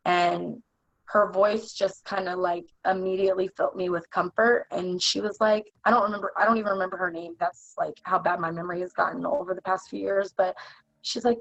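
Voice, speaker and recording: A young adult woman telling her own story in conversation, in a halting, earnest way full of "like". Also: on the low side, flat delivery, vocal fry, fairly bright tone, no room sound. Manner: halting, earnest, heavy use of "like". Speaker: interview guest. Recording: dull, dry lo-fi recording.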